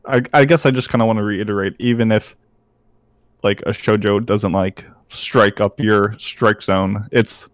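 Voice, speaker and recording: A young man co-hosting a podcast, talking in a relaxed, loose way full of fillers. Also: lowish voice, a little slow, no echo. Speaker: podcast co-host. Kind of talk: casual anime review chat.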